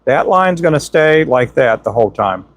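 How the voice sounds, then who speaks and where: A gravelly-voiced man runs a casual tying livestream, teaching jig tying and chatting as his hands work. Animated and speaking at normal speed, he says "boom" often.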